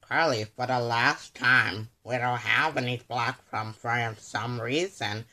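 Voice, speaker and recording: A man with a very bright, sharp tone who talks slowly and matter-of-factly while playing along in an improvised skit. His delivery stays casual. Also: mid-range voice.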